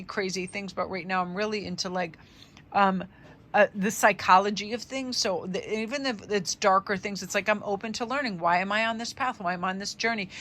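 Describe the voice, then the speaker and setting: A woman's voice: mid-range voice, a bit bright. A woman doing a casual tarot vlog, chatty and upbeat, rambling with fillers through affirmations, her voice a little tired. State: voice tiring. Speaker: tarot reader.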